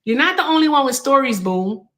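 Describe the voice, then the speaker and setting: Blunt, combative young woman host in a heated debate, animated delivery. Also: high voice, brisk, a crowd in the background. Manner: combative, blunt, cuts in with commands.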